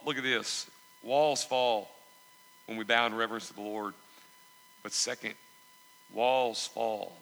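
A man preaching a sermon, animated and asking the congregation call-and-response questions. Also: medium pitch, creaky, long reverb tail, poor audio. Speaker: pastor.

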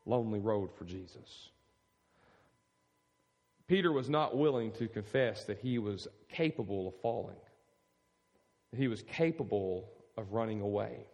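A man's voice: lowish voice, expressive, measured pace, gravelly, pauses often, a little mellow, long reverb tail. A man preaching a sermon, telling the story vividly and firing rhetorical questions at his congregation. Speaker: pastor.

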